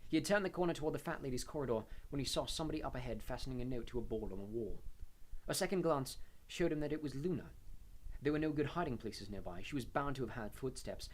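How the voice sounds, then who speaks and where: Brief: male audiobook narrator, fantasy tale, expressive and lively in pitch. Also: fast talker, rough recording.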